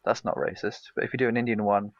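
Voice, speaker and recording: A man co-hosting a gaming podcast chats casually, rambling in a laid-back way. His voice is lowish and quick-paced, without echo. The recording is dry and comes through a dull lo-fi mic.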